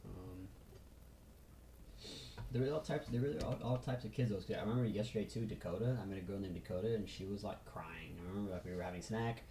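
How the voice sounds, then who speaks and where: Male vlogger, mellow and loose, talking to camera through a phone mic. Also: deep voice, fast talker, reverberant, slight background noise, rough recording. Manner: rambling, loose, full of fillers. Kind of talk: casual rambling vlog.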